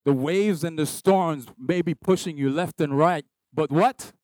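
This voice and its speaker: A young man preaching a sermon at a baptism service, repeating short phrases and building to loud, emphatic peaks. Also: fairly high pitch, unhurried, dry recording. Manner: rhythmic repetition, rising to loud emphatic peaks. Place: church hall with a congregation of about two hundred.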